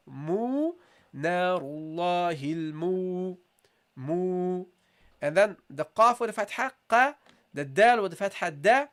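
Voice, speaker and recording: A man's voice: high-pitched, fairly bright tone. Brief: male recitation teacher, patient step-by-step tajweed lesson, stretches syllables when modeling, calls his students "guys". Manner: explains step by step, drawing out syllables slowly as models; often says "okay" and addresses listeners as "guys".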